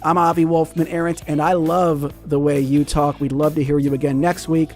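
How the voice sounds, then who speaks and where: A man hosting a public radio talk show from a studio, measured and friendly as he interviews and signs off. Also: a little high, little pitch movement, a little mellow, soft background music. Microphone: studio microphone.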